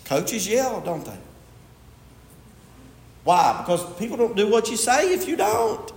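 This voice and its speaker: A man preaching a sermon as pastor, emphatic, swinging from loud stresses to quiet asides, in a church. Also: high-pitched, very animated, unhurried. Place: church sanctuary. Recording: echoey hall with long reverb.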